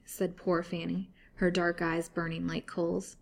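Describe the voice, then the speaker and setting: Gravelly-voiced woman reading a gothic tale. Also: on the low side, level tone, measured pace, hardly any pauses. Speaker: storyteller. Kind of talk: reading a gothic novel aloud.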